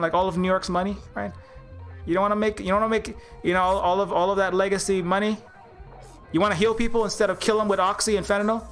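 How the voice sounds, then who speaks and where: A man's voice: sits high, fairly bright tone. A man voicing a menacing male mob boss in a put-on New York accent, threatening and pushy. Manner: threatening, repeats "okay?" and "forget about it".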